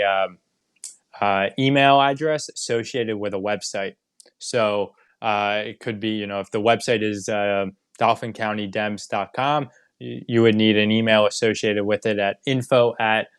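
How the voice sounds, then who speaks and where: Smooth-voiced man explaining to trainees. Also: lowish voice, no room sound, clean studio sound. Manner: explanatory, many fillers and restarts. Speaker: digital marketing trainer. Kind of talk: live online training talk. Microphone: video call.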